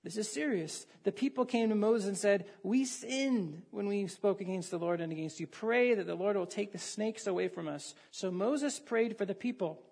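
Preacher, husky tone, relaxed conversational sermon, reads scripture and quizzes the room. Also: mid-range voice, moderate pace, hardly any pauses. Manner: conversational, asks the listeners questions and reads scripture aloud. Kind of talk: sermon with Bible reading.

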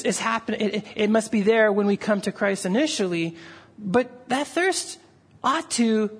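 A man's voice: sits high, breathy edge. A middle-aged man preaching an earnest sermon as pastor, pleading with his listeners and lifting his voice when stirred. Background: gathered congregation.

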